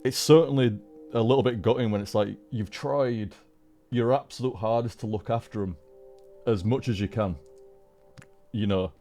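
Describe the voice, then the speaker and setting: A man with a fairly low voice, talking loosely to his stream audience. He rambles, restarts his sentences and swears often. Faint music plays underneath. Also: moderate pace, pauses often, dark tone. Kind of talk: casual live-stream chat.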